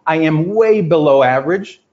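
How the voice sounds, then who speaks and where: A man giving an energetic, emphatic motivational talk to a group, telling stories and acting out quotes. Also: on the high side, moderate pace. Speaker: business coach. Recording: lo-fi muffled audio.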